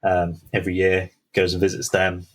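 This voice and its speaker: Brief: male podcast co-host, deep and husky, casual storyteller with suspenseful hushes. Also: monotone, poor audio. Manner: dramatic pauses, hushed build-ups.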